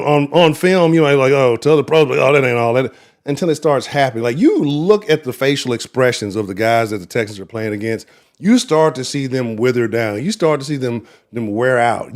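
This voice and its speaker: A man hosting a casual sports livestream with a mid-range voice. He rants in a profane, animated way and loads his commentary with trash talk. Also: mid-range voice. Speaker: sports show host.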